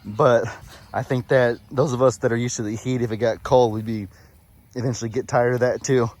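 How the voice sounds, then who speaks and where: On his farm vlog, a Texan man talks in a relaxed, meandering, folksy manner, his Texas accent clear. The voice is mid-range, steady, brisk and a bit mellow.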